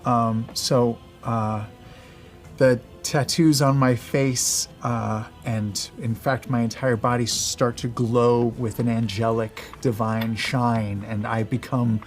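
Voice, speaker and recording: A man's voice: mid-range voice, fairly even intonation, takes it slowly, faint music behind. A man playing a tabletop game, hesitantly describing his character's actions. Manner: hesitant, full of fillers. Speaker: player.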